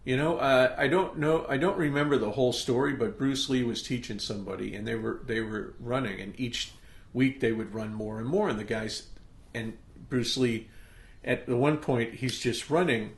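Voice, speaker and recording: Speaking at a normal speed in a roomy-sounding space, this middle-aged podcast host pushes through an emphatic motivational speech. He keeps tossing in "okay?" to check on listeners, and his pitch sits in the medium range.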